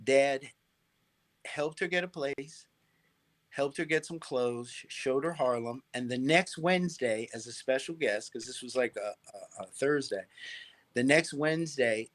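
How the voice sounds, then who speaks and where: Man, middle-aged, interview guest, animated storyteller, mid-range pitch, restarts phrases. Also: a little slow.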